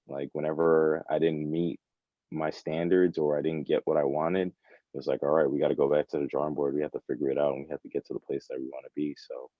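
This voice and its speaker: Very deep-voiced young man, dry lo-fi sound. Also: dry recording. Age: early 20s. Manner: relaxed, earnest, peppered with "you know" and "like". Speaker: college track athlete guest. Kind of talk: casual interview chat.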